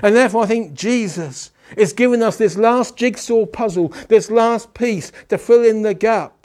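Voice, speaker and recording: Man preaching, high voice, rhetorical questions, deliberate pauses. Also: a little mellow. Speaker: pastor. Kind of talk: sermon.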